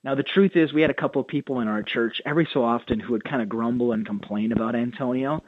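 On a dry, tinny phone connection, a fast-talking man with a medium-pitched voice shares stories in earnest. He is a pastor and author being interviewed on the radio, and he acts out quoted lines as he goes.

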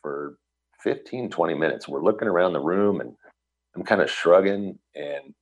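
At a moderate pace, a middle-aged man from the American Midwest recounts a personal story as an interview guest. His voice is extremely low with a breathy, husky texture. He speaks earnestly and animatedly, restarting often and performing others' words as quoted dialogue.

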